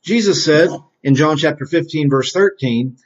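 A man teaching a Bible lesson to children, quizzing them and repeating key phrases in call-and-response. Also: a little high. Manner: quizzing, answering his own questions slowly; repetitive call-and-response drilling. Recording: dull lo-fi recording.

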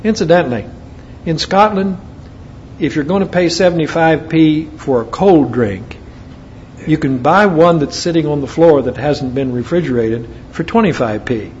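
American guy preaching, folksy side stories, kinda high voice, muffled lo-fi sound. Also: moderate pace, darkish tone. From United States. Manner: folksy asides between scripture readings. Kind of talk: sermon. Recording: dull lo-fi recording with faint background noise.

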